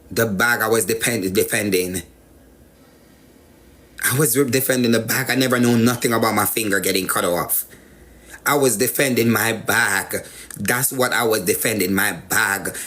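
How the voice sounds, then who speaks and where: A man's voice: mid-range voice, bright, forceful tone. A man with a Jamaican accent tells a personal story as a guest, repeating phrases for emphasis. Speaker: guest sharing life story.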